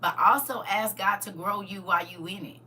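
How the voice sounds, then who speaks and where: Emphatic woman with a bright voice. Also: medium pitch, a little fast, slight background noise. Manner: emphatic, preachy, talks straight to viewers. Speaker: livestream host. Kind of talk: casual livestream talk.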